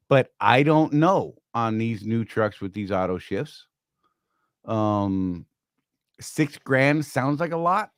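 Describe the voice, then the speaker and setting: A man's voice: mid-range voice, dry recording. Fifty-something guy rambling and cracking jokes on a live stream, dry close sound. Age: 50s. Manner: joking, rambling, self-mocking. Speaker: podcast host. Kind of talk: casual live-stream chat.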